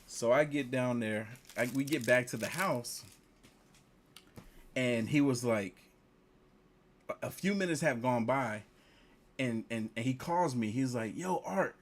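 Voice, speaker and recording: A man telling a casual story, lively, jumping higher when he quotes people. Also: measured pace, long pauses, a little hiss or hum. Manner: animated, jumps up in pitch when quoting others.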